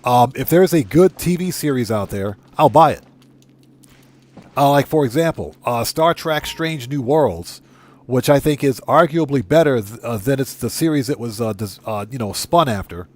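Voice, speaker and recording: A man's voice: mid-range voice, expressive, normal speed. A middle-aged man hosting a gaming livestream, chatting casually, rambling and correcting himself as he reads chat aloud. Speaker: livestream host.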